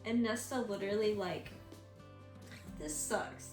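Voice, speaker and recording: A woman talking casually in a reading vlog, chatty and excitable, with many fillers and restarts. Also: mid-range voice, a little slow. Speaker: book vlogger. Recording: roomy echo with faint music.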